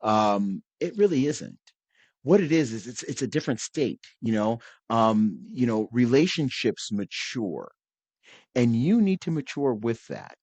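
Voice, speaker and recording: A man's voice: medium pitch, very animated, unhurried, darkish tone, no echo. A middle-aged man hosting a podcast, talking to listeners in a rambling, folksy monologue full of fillers and restarts. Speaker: podcast host.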